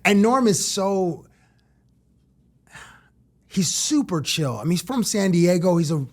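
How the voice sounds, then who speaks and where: Animated man telling stories in an interview. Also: sits high, unhurried. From Canada. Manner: animated storyteller who acts out quotes. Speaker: sports TV personality, guest. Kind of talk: casual interview storytelling.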